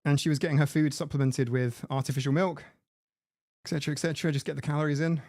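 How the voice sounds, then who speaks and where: A man's voice: on the high side, fairly even intonation, fast talker, darkish tone, no room sound, clean studio sound. A man hosting a casual live stream, chatting in a rambling way and laughing at his own jokes. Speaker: livestream host. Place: home room. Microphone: desk mic with mixer.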